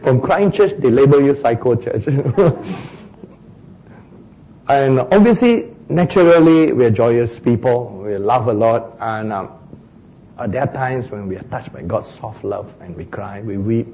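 Male preacher, animated sermon delivery, husky and mellow tone. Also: medium pitch, unhurried, rough recording. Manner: animated, mimics crying sounds for humor.

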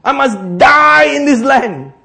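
Preacher doing a high, wailing old prophet full of blame, with a Singaporean English accent. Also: male voice, big pitch swings, measured pace, full character voice. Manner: huffy, wailing complaint. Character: exasperated old male prophet blaming his people.

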